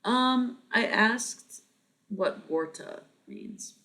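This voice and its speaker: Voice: mid-range voice, expressive, a little slow, creaky, a bit bright. A livestream host in their thirties, chatting casually with viewers, rambling, swearing freely and laughing often.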